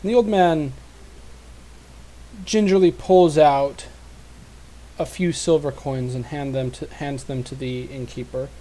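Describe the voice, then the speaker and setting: Man, game master, loose relaxed narration, warm mellow voice. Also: fairly high pitch, unhurried, long pauses, rough recording. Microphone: desk mic on a live stream.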